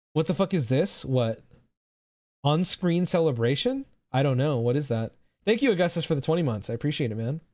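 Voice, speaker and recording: A man's voice: on the high side, no room sound. A man streaming live, chatting casually and rambling, swearing freely and answering his chat.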